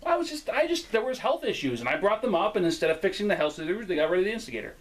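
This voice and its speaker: A young man, a local wrestler and former tour actor appearing as a guest, tells stories in casual chat, laughing often and swearing freely. His high voice is very animated, racing along with few pauses, over a little hiss or hum.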